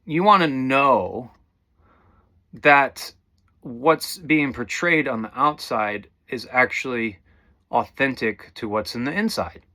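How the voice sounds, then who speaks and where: A man's voice: mid-range voice, takes it slowly, bright, forceful tone. A man giving a casual spiritual talk to viewers, rambling and calling them guys. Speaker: spiritual teacher.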